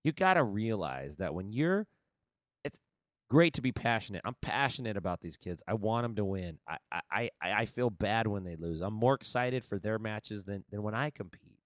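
A man co-hosting a podcast in casual chat, telling stories in an animated way and saying "man" and "dude" often. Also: on the low side, moderate pace, dry recording, studio quality. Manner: animated storytelling, says "man" and "dude" a lot. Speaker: podcast co-host and kids' jiu-jitsu coach.

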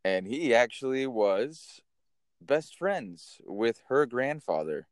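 A man hosting a podcast, telling stories in a casual, animated way and swearing now and then. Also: medium pitch, slow pace, no room sound, studio quality. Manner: animated, chatty storyteller who swears casually. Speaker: podcast host. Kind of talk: casual storytelling.

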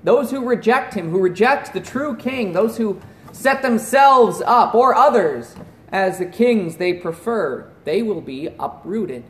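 A man preaching a sermon in an earnest voice that drops to a hush at solemn points. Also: sits high, animated, unhurried, reverberant. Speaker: pastor.

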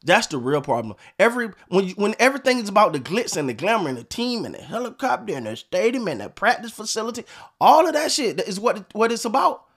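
A man's voice: sits high, big pitch swings, fast talker, a bit bright. A man hosting a sports podcast, ranting in a frustrated, profane, repetitive way. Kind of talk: casual sports rant.

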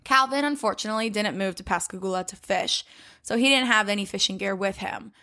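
A young adult woman co-hosting a podcast tells a story in casual chat, her medium-pitched voice a little fast, pushed and bright. She's chatty, swears some, and leans heavily on "like" as a filler.

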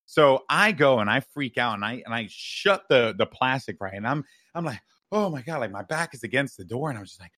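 A man from New York telling a childhood story on a podcast, animated and profane, tossing in "right?" as he goes. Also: medium pitch, a little fast, few pauses, no room sound, studio quality. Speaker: podcast co-host. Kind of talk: casual storytelling chat.

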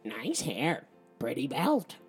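A woman voicing a pair of greedy, squabbling little trolls in a storybook reading, with drawn-out, whiny shouts. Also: extremely low pitch, wildly swooping pitch, soft background music, pitched below the performer's own voice, heavily acted. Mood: shy.

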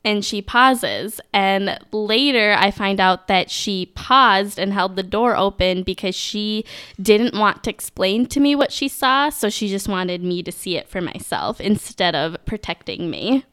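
Smooth-voiced Minnesotan woman telling a story. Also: mid-range voice, expressive, measured pace, fairly bright tone. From Minnesota, USA. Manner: laughs often, storytelling. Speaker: podcast guest. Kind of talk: casual chat.

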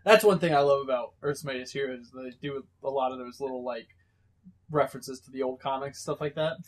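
A man's voice: medium pitch, a little fast. A man chatting casually, retelling cartoon scenes with frequent laughter and acted-out quotes. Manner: animated storytelling, laughs often, acts out quotes. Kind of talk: casual chat about comics and cartoons.

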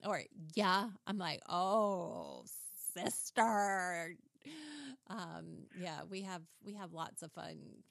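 A woman's voice: lowish voice, unhurried, creaky, hardly any pauses, fairly bright tone, no echo, studio quality. A woman in her thirties hosting a podcast, bubbly and laughing often as she chats. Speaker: podcast host. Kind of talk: casual chat.

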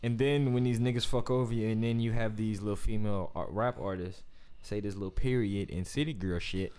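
A man's voice: lowish voice, fairly even intonation, fairly quick, darkish tone, clear, resonant tone. A man co-hosting a podcast, rambling through opinionated, profane takes in casual chat. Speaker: podcast co-host.

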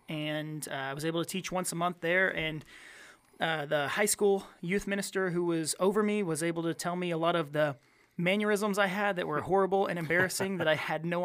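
Animated storytelling youth minister man. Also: fairly high pitch. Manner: animated storyteller, uses fillers. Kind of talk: casual storytelling chat.

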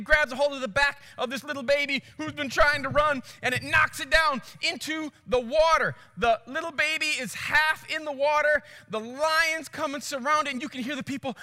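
A male pastor telling a story in a sermon, animated, acting out voices and sounds. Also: very high-pitched, normal speed, few pauses, big-room sound.

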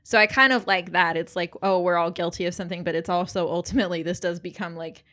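A woman's voice: on the low side, fairly even intonation, fast talker, a bit bright. A woman co-hosting a podcast in casual chat, talking freely with frequent laughs and lots of fillers. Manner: chatty, laughs often, many fillers. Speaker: podcast co-host.

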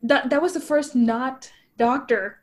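A woman with a somewhat high voice talks in a relaxed, conversational way. She hesitates often, pausing and restarting her thoughts as she goes. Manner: hesitant, many pauses and restarts. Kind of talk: casual chat.

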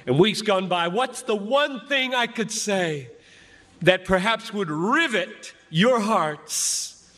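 A man's voice: high voice, a bit bright. An older man preaching a sermon at a conference, earnest and fervent, building his points through repetition. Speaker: pastor. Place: large hall at a conference. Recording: long hall reverb.

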